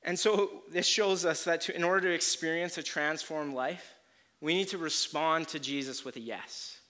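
A man preaching a sermon, telling a story with animated swings in loudness and acting out quotes. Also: fairly high pitch, moderate pace.

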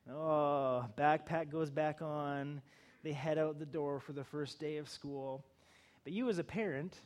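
A middle-aged male pastor giving a conversational sermon, building to emphatic bursts. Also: a little high.

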